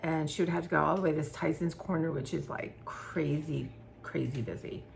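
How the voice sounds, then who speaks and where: Chatty, gravelly-voiced woman rambling. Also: sits low, fairly even intonation, fairly quick, slight background noise. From southern Maryland, USA. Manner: rambling, chatty, trails off mid-sentence. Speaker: YouTuber. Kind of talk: casual chat while painting.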